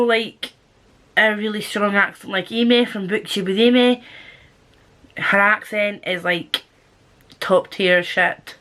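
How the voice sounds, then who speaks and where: A bright-voiced woman with a soft Scottish accent chats through a casual sit-down vlog. She talks in a giggly, self-deprecating way, with a middle-pitched voice. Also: steady tone, slow. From Scotland. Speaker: booktuber.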